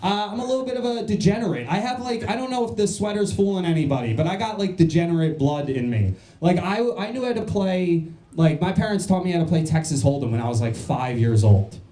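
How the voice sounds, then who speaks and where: A man from New Jersey works a comedy club crowd with crude, self-mocking jokes and quick jabs at the audience. His voice sits a little high and has a mellow, unforced tone. The stage mic picks up the echoey room around him. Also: expressive. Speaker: stand-up comedian. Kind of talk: stand-up set.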